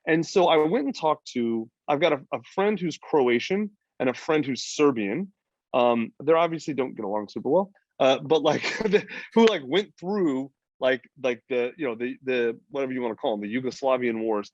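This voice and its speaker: A man's voice: a little high, expressive, moderate pace, dry recording. Man, podcast guest, blunt and profane, rambling fillers, muffled dry recording. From United States. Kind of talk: casual podcast conversation. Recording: slightly dull, dry lo-fi audio.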